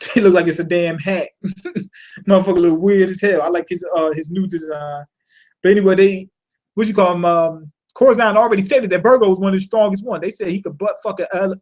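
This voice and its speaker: A man's voice: high voice, a little mellow. A man giving a casual, profane recap of a comic chapter, rambling and laughing as he swears his way through the plot. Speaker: manga reviewer.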